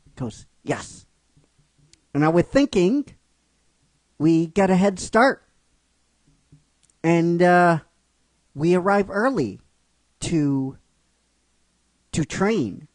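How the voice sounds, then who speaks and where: Slow, halting male storyteller. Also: sits high, no echo. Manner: halting, with many restarts and fillers. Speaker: narrator of a fan script. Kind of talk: casual storytime narration.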